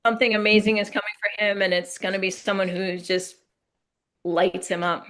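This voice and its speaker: A woman's voice: mid-range voice, little pitch movement, a little fast, a bit bright. A woman guest medium on a live stream, chatty and encouraging. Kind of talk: casual live-stream chat.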